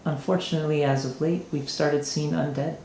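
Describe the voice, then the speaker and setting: A man's voice: on the high side, steady tone, a little fast, darkish tone, slight background noise, lightly acted. A man voicing a flamboyant, giddy male nobleman mayor in a tabletop game, speaking in an ingratiating way, recorded in an echoey room.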